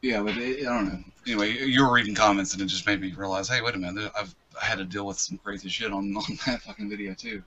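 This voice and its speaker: A man's voice: fairly low pitch, fast talker, few pauses, bright, forceful tone, highs cut off. A man chatting casually in a group video call, swearing and bantering. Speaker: hangout participant.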